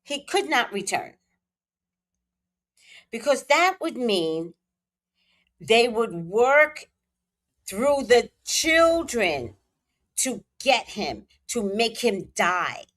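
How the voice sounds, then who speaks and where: A woman's voice: fairly high pitch, big pitch swings, drawn-out words, fairly bright tone. A woman tarot reader giving casual gossip commentary, speculating and talking straight to her viewers.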